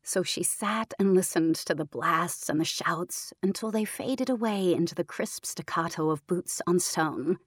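Low-voiced woman narrating a story. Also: measured pace, hardly any pauses, husky, no room sound, clean studio sound. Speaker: audiobook narrator. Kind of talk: scripted narration.

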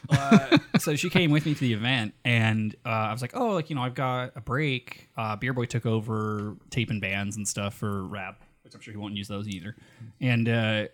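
A man's voice: on the low side, normal speed, fairly bright tone. A man with a Nevada accent co-hosting a podcast, telling stories in casual, profane chat and laughing often. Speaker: podcast co-host.

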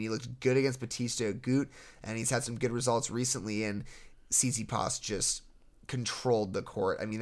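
Casual male tennis podcast co-host. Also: mid-range voice. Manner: relaxed, analytical, with frequent restarts. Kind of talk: casual sports podcast chat.

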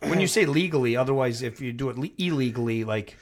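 A man hosting a casual podcast, loud, profane and rambling. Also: medium pitch, animated, fast talker, slight background noise. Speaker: podcast host.

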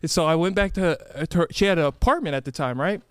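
A man's voice: fairly high pitch, quick pace, a bit bright, smooth, dry recording, clean studio sound. A young man hosting a podcast, chatting casually and telling stories, laughing through his own tales. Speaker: podcast host. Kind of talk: casual chat.

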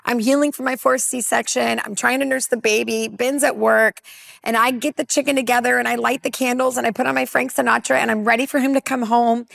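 Gravelly high-voiced woman preacher. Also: no echo, clean studio sound. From California. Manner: earnest, animated storyteller who acts out dialogue. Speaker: women's pastor. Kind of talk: personal testimony in a panel conversation.

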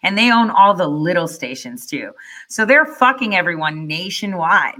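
A woman's voice: on the low side, expressive, normal speed, pushed and bright. A woman ranting angrily in profane reaction commentary, firing rhetorical questions at her viewers. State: furious.

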